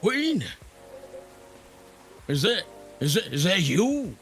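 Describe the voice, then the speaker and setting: Animated gravelly man chatting. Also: sits high, slow, soft background music. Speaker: guest streamer. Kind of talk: casual chat while streaming.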